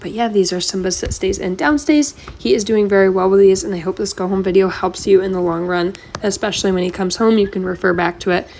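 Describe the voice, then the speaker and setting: A woman's voice: medium pitch, fast talker, vocal fry, hardly any pauses, a little mellow. Woman trainer narrating a training clip. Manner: plain explanatory walkthrough with casual fillers. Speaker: dog trainer.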